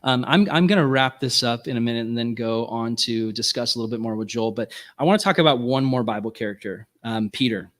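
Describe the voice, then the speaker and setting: An earnest man gives an informal teaching talk to people who work with youth. His voice sits at an ordinary middle pitch. He speaks off the cuff, full of likes and restarts. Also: fairly quick, hardly any pauses. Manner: speaks without notes. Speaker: youth ministry workshop speaker.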